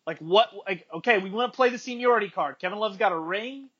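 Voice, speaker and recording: A man with a notably high voice rants bluntly in a casual sports chat, pressing his opinions hard. The sound is dull and lo-fi. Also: quick pace, sharp tone, breathy edge. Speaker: podcast co-host.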